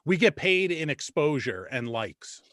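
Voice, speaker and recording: A tired man co-hosting a live-stream show from a small booth, loud, profane and joking. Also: a little high, big pitch swings, a little slow, no echo, studio quality. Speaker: podcast co-host. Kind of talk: casual live-stream chat. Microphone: studio mic in a small booth.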